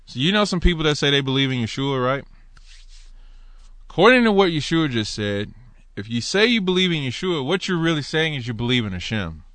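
In a lively, conversational Bible teaching, a medium-pitched man reads passages of scripture aloud and asks his audience rhetorical questions. The recording has no room sound.

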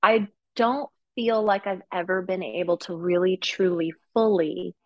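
A woman's voice: fairly low pitch, fairly even intonation, unhurried, no echo. Emotional woman coach, dull lo-fi sound. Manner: open, emotional, laughs often. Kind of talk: casual chat.

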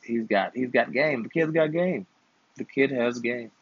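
Young uncle type, playful and slangy, husky voice, dry close sound. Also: male voice, medium pitch, unhurried, dry recording, lo-fi sound. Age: 20s. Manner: playful, slangy, teasing advice. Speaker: uncle and channel host. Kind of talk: casual chat while gaming.

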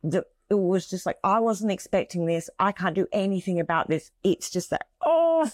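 Middle-aged woman talking kinda haltingly, lowish voice, dry close mic. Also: steady tone, dry recording. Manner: halting, searching for words, heartfelt. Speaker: podcast co-host. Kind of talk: casual emotional conversation.

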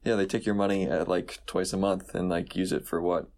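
A young man with a very deep, gravelly voice, bantering on a casual podcast. He is laid-back and joking, and he pads his sentences with lots of fillers. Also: steady tone, a little fast, a little mellow. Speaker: podcast co-host. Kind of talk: casual chat.

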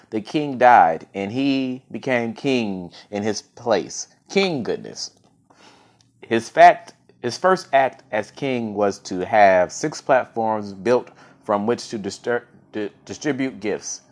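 A man hosting his own podcast, casually reading a story aloud and often stumbling over and correcting words. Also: fairly low pitch. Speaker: podcast host and reader.

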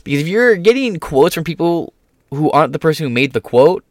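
A man's voice: a little high, very animated, no room sound, studio quality. Sarcastic man reading the news aloud. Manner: sarcastic and crude, laughing at his own jokes; shifts between slow reading and fast asides. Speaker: political commentary host. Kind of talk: reading news articles aloud with running commentary.

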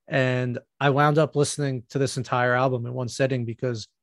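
Gravelly-voiced man in casual podcast chat. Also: medium pitch, level tone, a little fast, no room sound, studio quality. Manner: rambling, many fillers and restarts. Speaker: podcast co-host.

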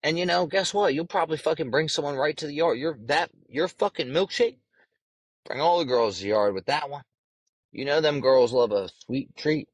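A man's voice: a little high, moderate pace, breathy edge, dry recording, rough recording. A young man hosting a casual solo podcast, talking in a brash, profane and rambling way. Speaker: podcast host.

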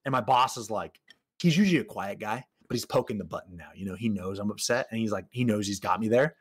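This young co-host has a lowish, slightly rough voice and a quick pace as he shares a story on the podcast. Lively and foul-mouthed, he acts out the quotes of everyone involved.

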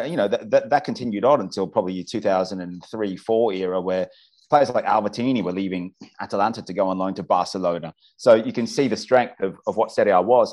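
On a laid-back podcast, a man from Australia who commentates football speaks enthusiastically in his Australian accent. His voice is on the low side and a little mellow, and he frequently starts his sentences over.

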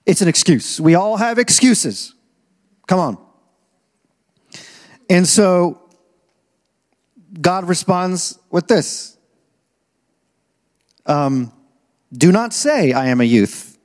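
A male pastor preaching a sermon, emphatic, slowing right down to stress key phrases and swinging from low and measured to loud and rising. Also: lively intonation. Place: church auditorium. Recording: long reverb in a large hall.

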